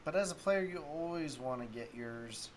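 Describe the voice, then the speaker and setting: A sports talk show host runs a solo stream, his voice on the higher side and animated at a normal speed. He rambles casually and thinks out loud while looking up stats, with a faint hiss or hum in the background.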